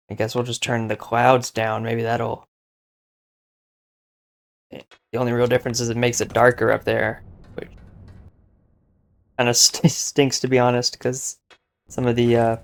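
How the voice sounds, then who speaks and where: A man's voice: medium pitch, creaky. A young man giving casual, joking gameplay commentary, boastful and rambling with lots of filler words. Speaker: gaming YouTuber.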